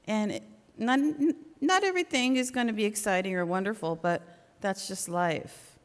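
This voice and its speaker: A middle-aged woman speaks earnestly and conversationally, sharing a personal faith talk at a church memorial service. Her voice sits at an ordinary pitch for a woman. It carries a long reverberant tail from the hall. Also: moderate pace, clear, resonant tone. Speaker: church member giving a talk.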